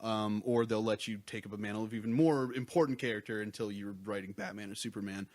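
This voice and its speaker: A man's voice: on the low side, fairly even intonation, fast talker, darkish tone, no room sound. A young man chatting as a podcast guest, rambling with many fillers and restarts. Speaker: podcast guest, comics creator. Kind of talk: casual podcast chat.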